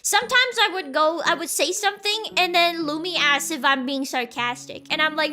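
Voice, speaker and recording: A woman's voice: high voice, normal speed, hardly any pauses, sharp tone, soft background music. A young woman streamer chatting casually and reading chat, rambling and laughing, insisting with repeats.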